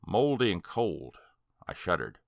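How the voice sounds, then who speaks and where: A man narrating a horror story audiobook in a slow, dramatic, deliberate way. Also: on the low side, sing-song, creaky, no echo.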